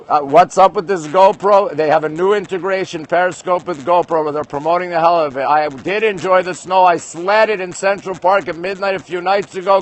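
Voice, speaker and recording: A man from Canada hosting a casual phone livestream outdoors at night, chatting and greeting viewers by name. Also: sits high. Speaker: livestream host. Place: outdoors at night overlooking city skyline.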